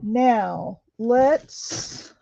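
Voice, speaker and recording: A woman's voice: on the high side, very slow, gravelly, warm tone, dry recording. A woman hosting a craft video, chatting casually and asking questions as she works. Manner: chatty, asks questions while working. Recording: dry, dull lo-fi sound.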